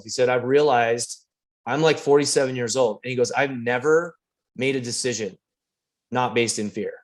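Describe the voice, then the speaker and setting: A middle-aged man, a life coach, talking in a casual podcast chat. He is an animated storyteller who slips into the voices of the people he describes. His voice sits at an ordinary middle pitch. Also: a little fast. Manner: animated storyteller, acts out quoted dialogue.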